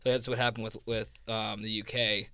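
A man's voice: on the low side, level tone, a little fast, pushed and bright, smooth, no echo. A man with a South Jersey accent talking casually, rambling with lots of fillers and restarts. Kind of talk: casual conversation.

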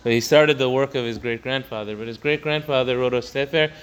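A man's voice: steady tone, fairly quick, clean tone. A man teaching a religious text line by line, stopping often to restart a phrase and raising his voice on key points. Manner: rises in pitch and volume to stress key points. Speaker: Torah teacher. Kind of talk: text study lesson.

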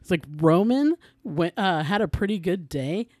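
A man's voice: high-pitched, expressive, moderate pace, a little mellow, no echo. Rambling man, dry close voice. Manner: rambling, lots of filler words. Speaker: podcast guest. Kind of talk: casual chat.

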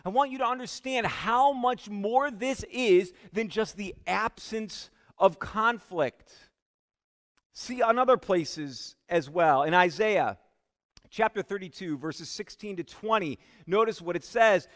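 A man with a high voice preaching in a church sanctuary, slow and emphatic, sinking to a hush on his key words. His words linger in a long hall reverb. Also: expressive. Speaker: pastor. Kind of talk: sermon.

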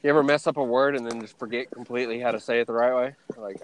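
A man's voice: mid-range voice, very fast. Laid-back cursing man with Southern twang. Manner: loose, profane, joking. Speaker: podcast co-host. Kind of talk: casual chat.

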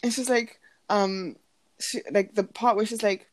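A young woman chatting casually as a podcast co-host, laughing often and full of fillers. Her pitch sits in the middle of the range. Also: unhurried. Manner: giggly, animated, lots of fillers, acts out quotes in a high voice. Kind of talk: casual chat.

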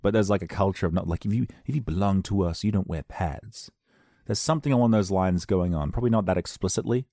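Male podcast host, casual self-mocking rambler, gravelly tone. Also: low voice, fast talker, dark tone, no room sound, clean studio sound. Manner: jokey, self-deprecating, slips into silly voices.

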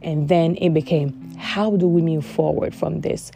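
Woman, low warm voice, earnest personal monologue, emphatic repetition. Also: fairly even intonation, a little slow, creaky, faint music behind. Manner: earnest, repeats words for emphasis. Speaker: vlogger sharing personal experience. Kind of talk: heartfelt casual monologue.

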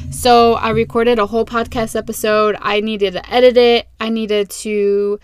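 A young woman hosting a casual faith podcast from her closet, chatty and animated, repeating herself and laughing at herself. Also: on the high side, clean tone, no echo, studio quality. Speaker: podcast host. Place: small closet. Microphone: close podcast mic.

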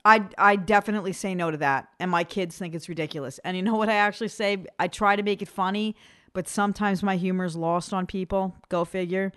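A woman in her forties co-hosting a casual podcast chat, an animated storyteller who acts out the voices she quotes. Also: mid-range voice, fairly quick, clear, resonant tone. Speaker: podcast co-host.

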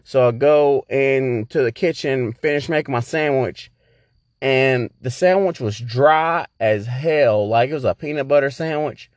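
A man's voice: mid-range voice, a little slow, dry recording, clean studio sound. A man hosting a podcast, telling a rambling, profane story in a laid-back, casual way. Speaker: podcast host.

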